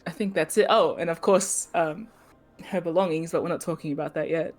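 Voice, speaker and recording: A woman's voice: fairly low pitch, fairly even intonation, brisk, a little mellow, faint music behind. Chatty, playful woman at the table. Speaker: player. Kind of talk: tabletop game play.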